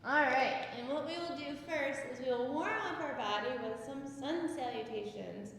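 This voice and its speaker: High-voiced playful kids yoga teacher. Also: female voice, normal speed, vocal fry, slight background noise. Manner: gentle, playful, sing-song cues. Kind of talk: guided kids yoga class. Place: yoga studio room. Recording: very echoey room with long reverb.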